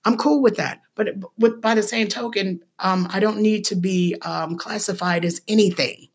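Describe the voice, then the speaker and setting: A woman's voice: mid-range voice, fairly even intonation, normal speed, husky. A woman teaching the Bible on a podcast in a casual, emphatic way, firing rhetorical questions and tagging points with "okay?". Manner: ends points with a checking "okay?". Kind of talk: casual preaching.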